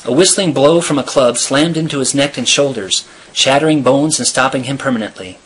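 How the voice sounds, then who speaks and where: A man reading a novel aloud in a steady, earnest storytelling manner. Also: medium pitch, brisk, breathy edge. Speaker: reader.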